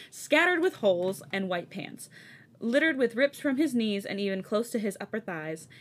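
A woman podcast host reading fan fiction aloud, breaking off for chatty, giggly asides. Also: medium pitch. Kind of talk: casual story reading.

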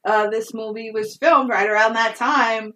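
A woman's voice: fairly high pitch, steady tone, moderate pace, recorded from a distance, background noise. A woman co-hosting a casual movie recap chat, sarcastic and laughing often, swearing freely. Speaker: podcast co-host.

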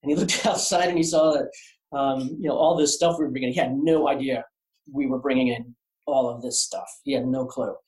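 A man's voice: medium pitch, steady tone, a little fast, a little mellow. A man telling a long story as an artist guest on a podcast, rambling with many fillers and restarts. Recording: roomy echo.

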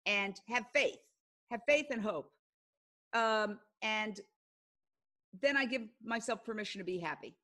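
A woman's voice: medium pitch, a little slow, long pauses, sharp tone. An older woman, a broadcast journalist appearing as a guest, chatting casually on a podcast and telling stories earnestly, acting out what people said. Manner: earnest storyteller, acts out quoted speech.

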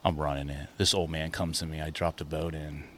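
A man's voice: very deep voice, level tone, fairly quick, fairly bright tone, a little hiss or hum. A man telling rambling, profanity-laced fishing stories in casual podcast chat, with many restarts and fillers.

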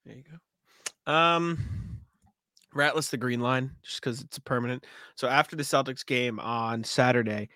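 A young man co-hosts a podcast in casual chat. He tells stories with plenty of energy, laughs, and swears freely. His voice sits at a middling pitch, close to the mic in a dry, dead room. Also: unhurried, bright, forceful tone, no echo. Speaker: podcast co-host.

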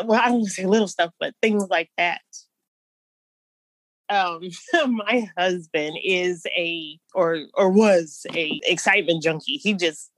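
A woman's voice: medium pitch, fairly bright tone, no room sound. Woman telling her own stories in an interview, lots of restarts, little nervous laughs. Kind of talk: personal storytelling.

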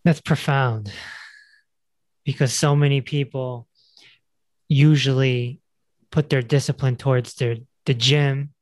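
A man's voice: mid-range voice, fairly even intonation, takes it slowly, long pauses, no echo. A man hosting a podcast, talking in a reflective, conversational way. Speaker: podcast host. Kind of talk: casual interview conversation.

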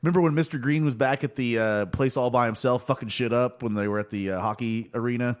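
A man's voice: mid-range voice, fast talker. A man casually chatting as podcast co-host, retelling scenes with lots of fillers. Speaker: podcast co-host recapping a show. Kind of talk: casual chat.

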